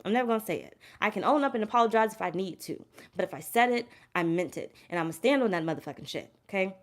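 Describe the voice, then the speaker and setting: A woman's voice: medium pitch, lively intonation, quick pace. A woman tarot reader giving a casual spiritual pep talk to camera. She speaks bluntly and emphatically, curses freely and repeats her points. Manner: blunt, emphatic, heavy cursing, repeats herself.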